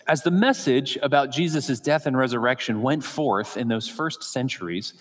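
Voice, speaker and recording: A male pastor speaks from the front of a church sanctuary in a measured, unhurried voice, easing in with the odd "uh" and "um." His voice sits at an ordinary middle pitch, and a long hall reverb trails behind each phrase. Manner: measured, unhurried with frequent uh and um fillers. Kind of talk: sermon with scripture reading.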